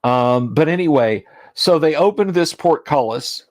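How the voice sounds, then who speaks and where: Rambling, chatty game master on a livestream. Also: male voice, fairly high pitch, expressive, unhurried, a little mellow, no echo. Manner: rambling, chatty, self-deprecating with restarts. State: voice tired from talking all day. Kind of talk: casual livestream chat.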